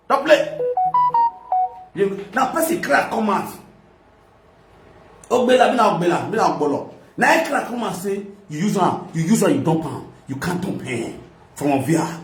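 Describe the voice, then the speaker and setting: Nigerian man, high and brash, ranting on a live video in a boomy room. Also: far from the mic. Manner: loud, sing-song, switching between languages and pidgin. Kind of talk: animated political rant. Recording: echoey room.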